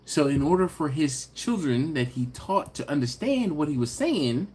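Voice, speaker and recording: A man hosting a live stream in casual chat, reading viewer comments aloud and answering them playfully, with frequent laughter and drawn-out teasing emphasis. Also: fairly high pitch, expressive, darkish tone, a little hiss or hum. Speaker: livestream host.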